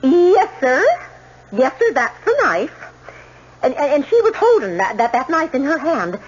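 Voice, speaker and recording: A jittery witness on the stand, stumbling over her words in a high voice that leaps up and down. It is an old 1970s radio drama, and the broadcast recording sounds dull and lo-fi. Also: sing-song, a little slow, slight background noise. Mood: nervous. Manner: stammering, hesitant. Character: nervous young woman witness on the stand.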